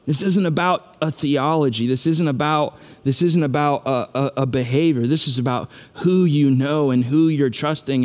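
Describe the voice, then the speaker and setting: A man's voice: mid-range voice, a little mellow. A man preaching a sermon as a pastor, retelling the story in a casual, joking way and building to urgent, repeated appeals.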